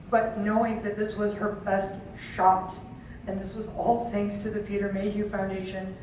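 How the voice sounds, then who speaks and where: A woman in her thirties with a mid-range voice shares a heartfelt personal story with the audience at a charity auction, acting out the voices of people she quotes. A handheld camera far from the stage in a large event hall captures her, so the sound is distant, dull, and very echoey, with faint room noise.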